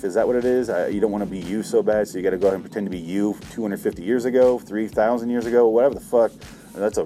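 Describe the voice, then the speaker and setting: A man's voice: on the low side, mellow, a little hiss or hum. Man on a profane sarcastic rant. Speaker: comedy podcast host. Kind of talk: ranting comedic commentary reading from a book.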